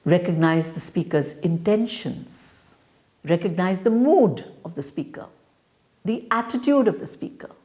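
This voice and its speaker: A woman giving a recorded lecture to teachers, explaining step by step in a deliberate way with frequent fillers. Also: fairly low pitch, expressive, dark tone. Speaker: teacher educator.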